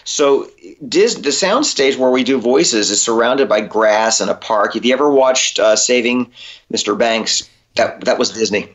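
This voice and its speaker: A man's voice: mid-range voice, a little slow. A man, a voice actor, telling a story in a podcast interview and acting out the dialogue he quotes. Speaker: voice actor guest.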